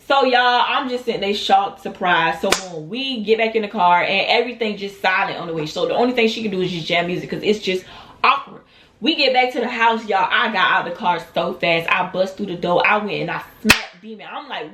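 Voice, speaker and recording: Animated young woman telling a storytime. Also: a little high, a little fast, a little hiss or hum. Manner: dramatic, talks straight to viewers, acts out quotes. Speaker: storytime vlogger. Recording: roomy echo.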